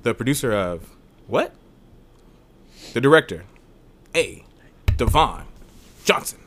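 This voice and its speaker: Male podcast host, slow unhurried delivery, showman intros and big laughs. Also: mid-range voice, big pitch swings. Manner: hype-man intros, bursts of loud laughter. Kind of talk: casual podcast banter.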